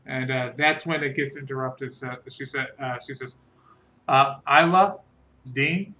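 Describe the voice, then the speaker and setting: Bright-voiced man running a tabletop game. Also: medium pitch, flat delivery, low-quality recording. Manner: halting, lots of fillers and restarts. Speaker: game master.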